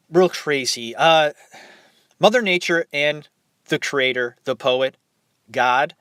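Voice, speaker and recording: A young man hosting a podcast, retelling and reacting to a film in a casual, animated way, swearing and laughing as he goes. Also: fairly high pitch, no room sound, clean studio sound. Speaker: podcast host.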